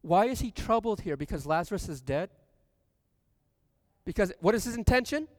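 A man preaching a sermon, reading scripture aloud and asking the congregation questions, rising to loud emphasis. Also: high voice, expressive, moderate pace. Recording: long reverb from a hall.

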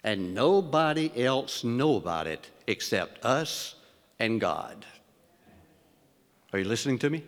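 Male preacher, unhurried sermon cadence, lifts his voice for scripture, echoing church hall. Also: mid-range voice, lively intonation. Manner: slow, deliberate emphasis with rhetorical questions to the congregation; reads scripture in elevated, rising tones.

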